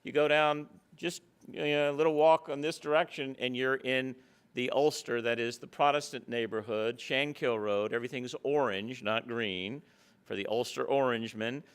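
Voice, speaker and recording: Smooth-voiced male lecturer telling stories. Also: mid-range voice, steady tone, moderate pace. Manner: anecdotal, storytelling. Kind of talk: public lecture.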